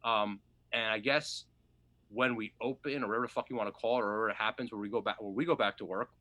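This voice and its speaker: A man's voice: lowish voice, fairly even intonation, fast, pushed and bright, no room sound. A man co-hosting a casual podcast chat, rambling and swearing, sometimes losing his thread. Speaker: podcast co-host.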